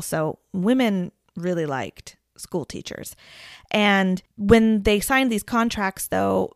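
A woman's voice: on the low side, creaky, no room sound, studio quality. A woman in her thirties hosting a podcast, telling a story in a chatty way and laughing often. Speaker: podcast host. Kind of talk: casual storytelling chat.

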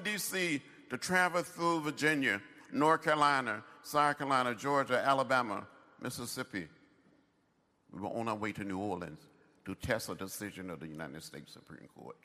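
A man's voice: medium pitch, a little slow, long pauses, bright, forceful tone. A man in his seventies giving a commencement speech, with a rhythmic orator's cadence and emphatic repetition. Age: 70s. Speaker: commencement speaker. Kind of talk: ceremonial speech. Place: university ceremony venue. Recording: echoey large hall.

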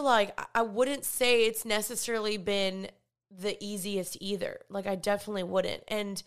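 A young woman from Texas, talking to her viewers in a casual, earnest vlog chat, with lots of "like" fillers. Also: mid-range voice. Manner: chatty, earnest, full of "like" fillers. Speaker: vlogger.

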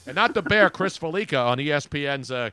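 A man co-hosting a sports podcast, talking in an animated, rambling, teasing way. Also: a little high, a little fast, faint music behind. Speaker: podcast co-host. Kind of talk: casual sports chat.

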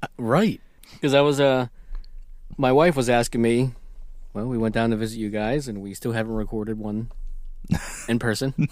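A man's voice: mid-range voice, steady tone, normal speed, long pauses, a little mellow, dry recording. Laid-back man chatting on a podcast. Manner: laid-back, chuckles often. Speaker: podcast co-host. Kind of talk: casual chat.

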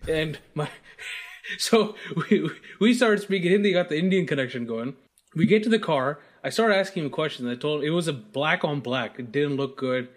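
Man, podcast co-host, casual, swears, laughs a lot, a bit high-pitched. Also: moderate pace. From United States. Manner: laughs often, animated and profane anecdotes. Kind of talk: casual chat, storytelling.

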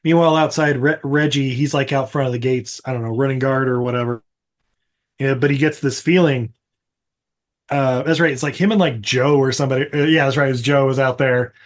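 A man's voice: medium pitch, steady tone, fairly quick. A man co-hosting a podcast, casually recapping a movie with frequent laughs and acted-out bits. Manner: rambling, laughs often, acts out scenes. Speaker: podcast co-host.

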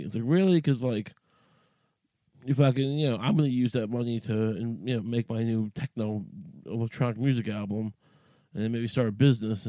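Profane, rambling man with a dark voice. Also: mid-range voice, no echo. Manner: rambling, profane, restless, lots of restarts. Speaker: podcast host.

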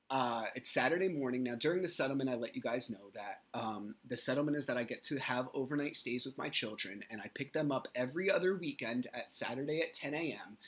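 A man's voice: mid-range voice, a bit bright. A man in his thirties hosting a solo podcast, telling a heated personal story, swearing and acting out what others said. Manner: heated storytelling, swears, acts out quoted people. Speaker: podcast host.

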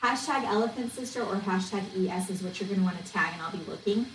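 In a quick, medium-pitched voice, a podcast host who coaches network marketing gives a fired-up solo talk, venting and coaching with blunt passion and a habitual "okay?" The audio has echo, a distant mic, and faint noise.

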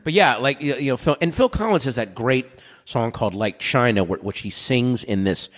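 A man in a casual chat, rambling through stories with quick asides, his throat dry so he keeps clearing it. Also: mid-range voice, lively intonation. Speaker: podcast guest.

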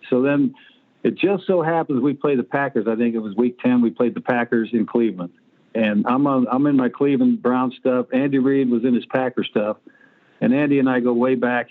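A man in his sixties, a guest on an interview show, telling stories in a blunt, profane way. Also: medium pitch. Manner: blunt, profane anecdotes with acted-out quotes. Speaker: guest, former pro quarterback. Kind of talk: storytelling interview. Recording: phone-like line.

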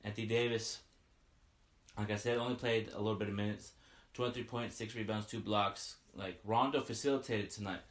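Excited man with a fan's game recap. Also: lowish voice, a little fast, reverberant. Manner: excited fan, repeats "you know what I mean". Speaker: sports podcaster recapping a game. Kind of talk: casual post-game fan recap.

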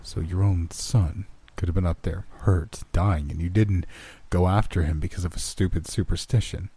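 A man voicing a skeptical young businessman in a horror story reading, with a brisk, blunt manner. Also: sits low, steady tone, warm tone, slightly rough. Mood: probing. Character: young male city businessman, skeptical and curious.

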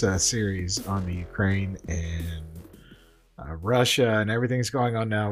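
A man co-hosts a casual podcast and talks politics in a blunt, sarcastic way. His voice sits somewhat low for a man. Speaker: podcast co-host.

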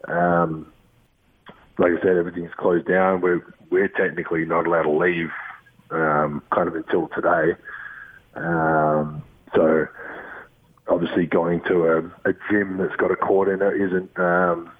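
Husky Australian man on a tinny phone line. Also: sits low, unhurried. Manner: relaxed and rambling, many ums and restarts. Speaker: guest, professional basketball player. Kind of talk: casual interview over the phone. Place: a room at his home.

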